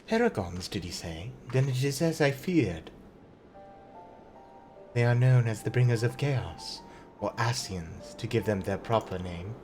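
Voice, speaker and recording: A man voicing a cool, scholarly female mage who speaks in a measured, formal way, with faint game music behind. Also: lowish voice, expressive, darkish tone. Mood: grave.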